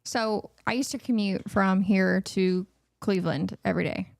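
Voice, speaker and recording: A woman's voice: mid-range voice, vocal fry, no room sound. A woman, a guest chatting frankly and joking on a morning show. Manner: frank, quick to joke. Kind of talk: casual chat.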